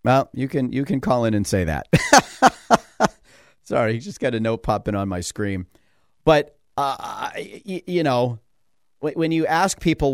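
A man's voice: medium pitch, sing-song, unhurried, pauses often, no room sound, clean studio sound. A man hosting a talk radio show, telling a story animatedly with mock dialogue and frequent laughs.

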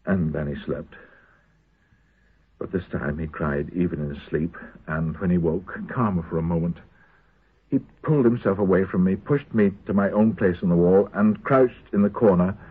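An actor playing a haunted prisoner who makes a halting, intense confession to his comrades in a 1970s radio drama. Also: on the low side, breathy edge. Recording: tinny lo-fi old radio broadcast.

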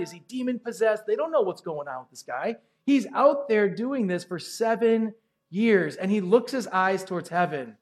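Brief: man, pastor, light high voice, conversational lively sermon delivery. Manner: conversational, animated preaching with asides.

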